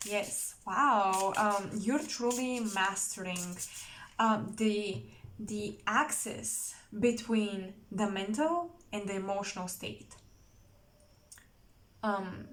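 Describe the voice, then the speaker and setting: A woman's voice: mid-range voice, slow, a little hiss or hum. A young woman giving a casual tarot reading, chatty and rambling, with many fillers and self-corrections. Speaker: tarot reader.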